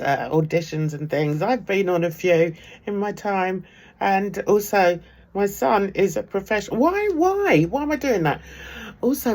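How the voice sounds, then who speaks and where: A woman's voice: on the low side, darkish tone. A middle-aged woman vlogging from her home art room, chatting casually to camera, laughing often and trailing off with ums. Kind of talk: casual gossipy chat to camera.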